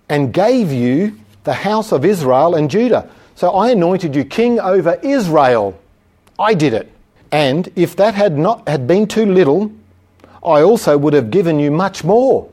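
Male preacher, a touch higher-pitched than most, husky tone, emphatic scripture reading between chatty explanations. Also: mellow. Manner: reads scripture slowly and emphatically, then explains it conversationally. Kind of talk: sermon.

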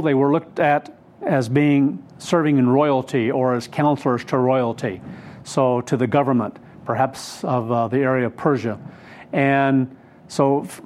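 A man preaching a sermon, retelling a scripture story in an unhurried, emphatic way with frequent fillers. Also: mid-range voice, a little mellow.

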